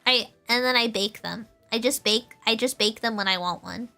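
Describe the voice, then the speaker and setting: A woman's voice: a little high, moderate pace, creaky, sharp tone, faint music behind. A woman streamer chatting casually with her viewers, bubbly and rambling, laughing often. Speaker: vtuber streamer.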